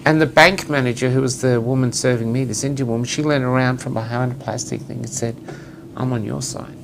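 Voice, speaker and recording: A middle-aged man, chatting casually as a co-host and slipping into little voices for the people in his anecdotes. His voice sits in an everyday middle pitch, with a faint hum of room noise behind him. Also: fast, vocal fry. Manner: animated storyteller, acts out quotes. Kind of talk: casual chat.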